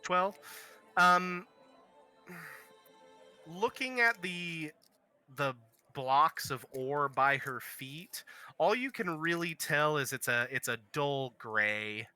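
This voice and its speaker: A man narrating as game master in a tabletop game, halting and full of ums and uhs. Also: fairly high pitch, expressive, sharp tone, smooth, faint music behind.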